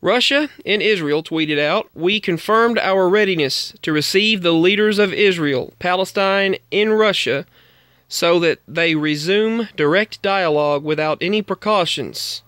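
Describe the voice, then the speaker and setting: A man's voice: high voice, unhurried, a bit bright, clean tone, no echo, studio quality. A man giving casual news commentary as a vlogger, rambling and often correcting himself.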